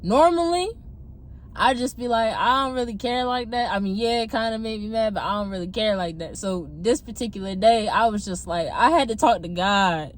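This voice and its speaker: A young woman telling a personal testimony in a casual, animated way, laughing often and acting out her own past outbursts, talking from her parked car. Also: a little high, normal speed. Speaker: testimony vlogger. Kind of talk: casual storytelling.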